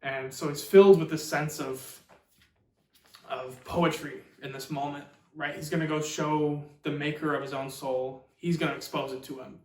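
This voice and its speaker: A man's voice: on the high side, steady tone, moderate pace, darkish tone. A man hosting a book channel, giving a casual, rambling, filler-heavy summary of a novel. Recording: roomy echo, far from mic.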